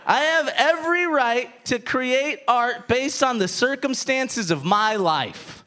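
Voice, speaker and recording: A man in his thirties, a stand-up comedian, talking in an animated, self-mocking way with frequent laughter. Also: extremely high pitch, measured pace, hardly any pauses, a little hiss or hum. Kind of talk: stand-up set, then interview.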